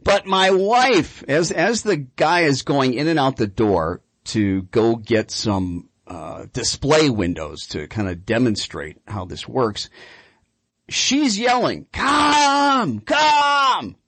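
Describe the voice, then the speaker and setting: A man hosting a radio call-in show about dog training, telling stories in an animated, chatty way. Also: mid-range voice, slow, hardly any pauses, breathy edge, no room sound.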